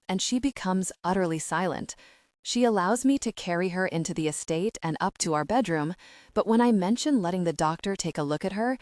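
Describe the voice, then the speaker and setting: A woman reads a first-person audiobook with a steady, intimate delivery. Her voice sits somewhat low for a woman. The recording is close and dry, with no room sound. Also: no echo. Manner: steady, intimate, measured reading. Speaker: audiobook narrator. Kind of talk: scripted first-person narration.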